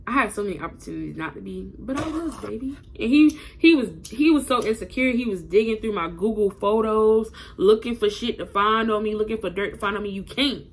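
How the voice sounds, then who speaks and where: A woman's voice: medium pitch, a little fast, hardly any pauses, slight background noise. A young woman telling a personal story to her viewers in a casual vlog, blunt and profane, talking straight to camera.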